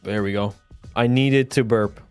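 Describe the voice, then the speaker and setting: Streaming a hockey game live, a slightly tipsy young man talks to his chat, cursing and growing excited as he commentates. He has a fairly low, clean voice and a measured pace, and faint music plays in the background.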